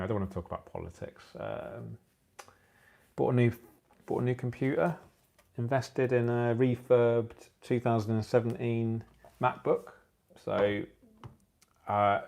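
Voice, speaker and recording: A man's voice: on the low side, gravelly, darkish tone. A man in his forties, tired and joking with viewers during a casual livestream he runs from his phone. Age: 40s. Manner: jokey, chatty, laughs at his own jokes. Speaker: aquascaping channel host. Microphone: phone used for the livestream.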